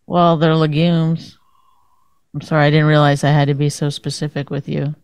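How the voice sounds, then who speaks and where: A woman's voice: low voice, little pitch movement, normal speed, darkish tone, clean tone, no room sound, clean studio sound. A middle-aged woman, a podcast co-host, teasing her husband sarcastically in casual chat. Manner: sarcastic, teasing, mock-impressions.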